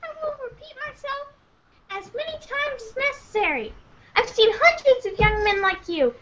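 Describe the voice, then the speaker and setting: A podcaster voicing a stern elderly woman council elder, lecturing gravely in a live fan reading. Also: extremely high pitch, very animated, moderate pace, bright, forceful tone, heavily acted. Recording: dull lo-fi podcast audio.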